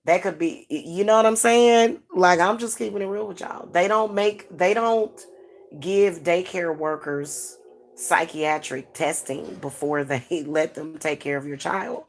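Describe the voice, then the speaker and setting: A woman's voice: fairly low pitch, measured pace. A middle-aged woman, talking frankly and casually to her viewers, with many restarts and fillers. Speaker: spiritual advisor and channel host.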